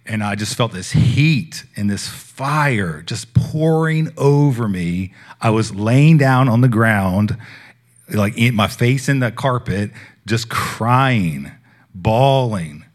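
A young man preaching, telling a personal faith story in a casual, heartfelt way that swings between hushed and loud. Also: fairly low pitch, lively intonation, slow pace. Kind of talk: sermon testimony.

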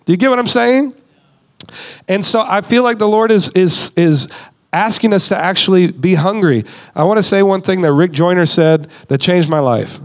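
A man's voice: high-pitched, normal speed. A man in his thirties, a guest speaker giving a conversational, emphatic sermon with his own voice.

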